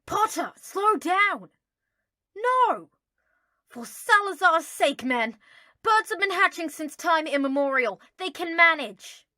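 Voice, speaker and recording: A woman's voice: very high-pitched, animated, a little slow, sharp tone, dry recording, clean studio sound, pitched above the performer's own voice, exaggerated voice. A woman voicing a haughty aristocratic teenage boy wizard who drawls indignantly in an audiobook.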